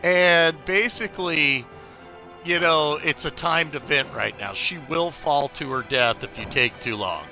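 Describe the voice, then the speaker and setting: A man's voice: medium pitch, expressive, normal speed, creaky, hardly any pauses, pushed and bright, faint music behind. A young man streaming a video game live, chatty and upbeat, greeting viewers by name while giving tips. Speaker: gaming livestreamer. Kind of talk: casual live gameplay commentary.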